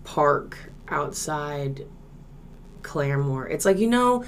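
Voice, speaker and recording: A young woman, telling a story in casual podcast chat, laid-back and swearing, loud when she acts out quotes. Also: low-pitched, expressive, slow pace. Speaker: podcast co-host.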